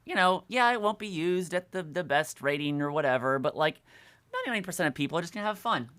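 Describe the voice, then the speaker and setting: Young podcast guest, bright smooth voice, super animated, lots of ums and likes. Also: medium pitch, fast. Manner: animated, lots of fillers and restarts. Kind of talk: casual podcast chat about games.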